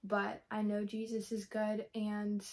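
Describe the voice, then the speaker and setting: A woman talking candidly in a personal faith vlog, her voice tired and worn, soft and halting with many fillers. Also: medium pitch, completely flat delivery. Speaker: faith vlogger.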